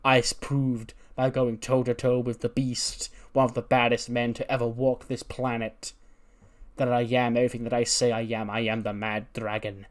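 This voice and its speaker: A man's voice: mid-range voice, flat delivery, moderate pace, natural voice. A man doing a brooding, boastful wrestler. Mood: intense. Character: intense, boastful male wrestler cutting a promo.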